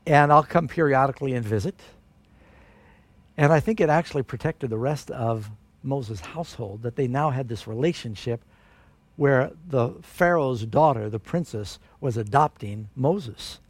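A man preaching a sermon, telling a Bible story in an animated way with strong rises for emphasis. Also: fairly high pitch, no room sound.

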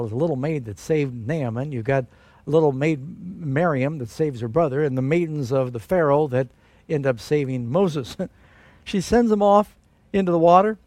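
A man preaching a sermon, telling a Bible story in an animated way with strong rises for emphasis. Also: medium pitch, dry recording.

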